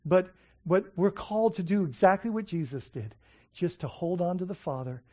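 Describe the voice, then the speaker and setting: A man preaching a sermon, telling stories with excitement, often restarting his sentences. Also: high voice, moderate pace. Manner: excited storytelling, many restarts and fillers. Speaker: pastor.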